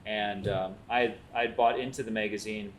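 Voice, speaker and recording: Man, lowish voice, lively storyteller, faint rumble behind. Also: normal speed. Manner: animated storyteller, acts out quotes. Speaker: food show host. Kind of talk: casual chat.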